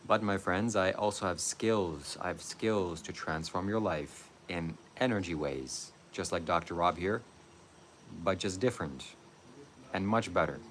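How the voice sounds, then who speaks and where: A man making a slow, syrupy mock-spiritual pitch for donations on a comedic livestream. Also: a bit bright, slight background noise. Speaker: comic guru on a livestream.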